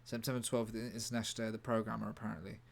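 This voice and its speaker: A man streaming live in a rambling, deadpan way, breaking off to answer his chat. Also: on the low side, very fast, vocal fry. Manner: rambling, deadpan, self-interrupting. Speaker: livestreamer reading chat. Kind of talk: casual livestream chat.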